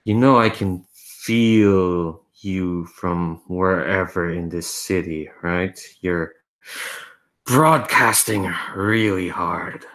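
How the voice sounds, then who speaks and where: A man's voice: deep voice, very slow, fairly bright tone, full character voice. Impatient psychic woman, as a man puts her on. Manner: dry, impatient.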